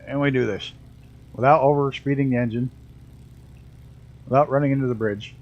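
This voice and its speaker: Excitable streamer with a mixed accent. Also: male voice, mid-range voice, normal speed, lo-fi sound. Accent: mixed New York and Canadian with a hint of Southern US. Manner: laughs often, excitable exclamations. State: speech hampered by a damaged tooth. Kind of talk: live flight-sim game commentary.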